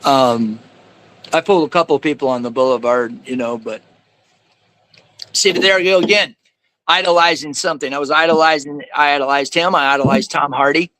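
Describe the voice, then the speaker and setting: A man speaking as a guest in casual conversation, telling stories in an animated way and acting out the people he quotes. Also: fairly high pitch, a little fast, no room sound, rough recording. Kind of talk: casual storytelling.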